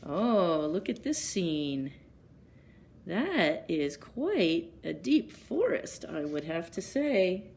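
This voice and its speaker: At story time, a woman librarian reads picture books aloud, pausing gently to ask the children questions. She talks slowly and carefully in a lowish, creaky voice that is very lively and rises and falls a lot. There is slight background noise.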